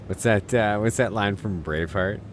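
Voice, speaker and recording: Deep-voiced man rambling over gameplay. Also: moderate pace, a little hiss or hum. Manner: rambling, talks to himself, chuckles often. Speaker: game streamer. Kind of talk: casual gameplay commentary. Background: music.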